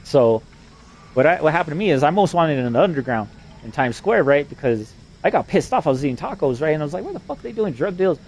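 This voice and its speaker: A man's voice: on the high side, lively intonation, darkish tone, slight background noise. A man rambling through a personal story in a profane, casual way. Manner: profane, rambling, fast-talking.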